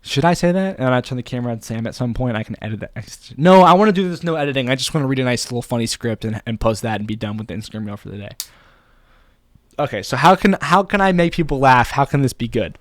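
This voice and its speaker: A man's voice: mid-range voice, expressive, quick pace, dry recording, studio quality. A young man vlogging casually, thinking aloud in a rambling, playful way. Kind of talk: casual talking to camera.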